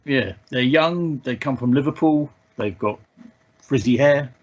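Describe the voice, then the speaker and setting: A man co-hosting a podcast, talking about songs in a dry, offhand way with plenty of halting fillers. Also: medium pitch, lo-fi sound. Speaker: podcast co-host. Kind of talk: casual music chat.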